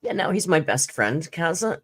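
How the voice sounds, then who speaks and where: A YouTube commentary host, this woman has a low, very animated voice and an unhurried delivery during her casual live-stream chat. She narrates in a chatty way, laughs frequently, and plays out other people's lines.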